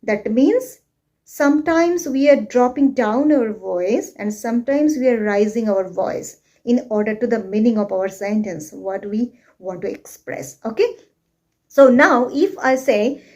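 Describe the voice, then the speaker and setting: Slow, mellow-voiced woman teaching English. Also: on the high side, lively intonation. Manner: slow, repetitive, checks understanding often; exaggerated rising and falling example tones. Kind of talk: spoken English lesson.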